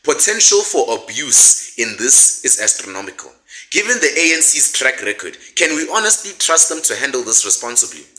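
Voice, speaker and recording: A man's voice: mid-range voice, big pitch swings, moderate pace, pushed and bright, low-quality recording. A man delivering scripted political commentary, sarcastic and indignant, full of rhetorical questions. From South Africa.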